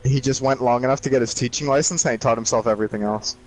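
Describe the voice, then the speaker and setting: A young man hosting a gaming stream, chatting casually with friends in a relaxed, laughing way and swearing often. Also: mid-range voice, quick pace, rough recording. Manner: laid-back, swears often, laughs mid-sentence. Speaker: let's play host. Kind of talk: casual chat among friends while gaming.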